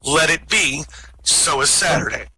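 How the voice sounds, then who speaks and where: A man's voice: on the high side, unhurried, background noise. A man telling jokes and a list of rules at an online open mic, chuckling at his own punchlines. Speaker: stand-up comic. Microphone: home microphone, online voice chat.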